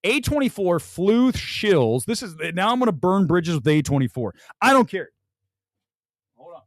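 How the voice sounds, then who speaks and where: A man's voice: sits high, big pitch swings, moderate pace, dry recording, clean studio sound. A man hosting a casual movie talk livestream, rambling animatedly and laughing often. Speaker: host.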